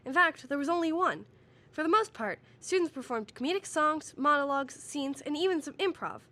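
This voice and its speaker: Bright high teen girl reporter. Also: expressive, a little fast. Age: teens. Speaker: student reporter. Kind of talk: news package narration.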